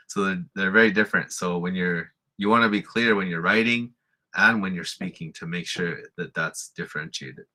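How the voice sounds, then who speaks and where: A man giving a relaxed spoken language lesson, explaining with fillers and repeating example words slowly. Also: sits low. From Lakota community in the US. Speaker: language teacher.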